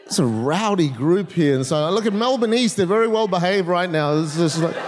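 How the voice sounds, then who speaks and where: A man preaching a sermon as a guest preacher, with humorous, energetic storytelling and quick asides, in a large church auditorium. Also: high voice. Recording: long reverb of a large hall.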